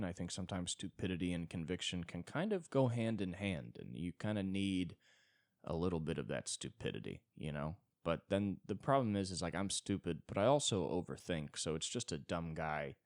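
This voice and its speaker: A young man hosting a solo comedy podcast, rambling and self-deprecating, with sudden jumps into high-pitched bits. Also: dry recording, clean studio sound. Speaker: podcast host.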